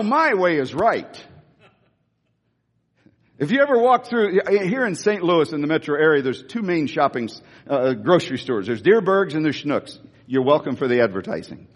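A man preaching a sermon, stressing and repeating key lines, moving between slow weighty phrases and quick asides. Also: a little high, very animated. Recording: echoey church hall.

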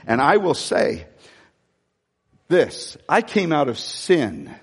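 A man preaching a sermon, telling stories in an animated, conversational way. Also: fairly high pitch, takes it slowly, long pauses, husky, in a large hall. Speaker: pastor.

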